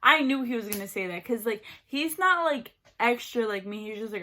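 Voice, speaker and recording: A woman's voice: a little high, lively intonation, a little fast, hardly any pauses, sharp tone. Chatty young woman beauty vlogger. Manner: rambling and chatty, fills speech with "like". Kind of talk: casual chat while doing makeup.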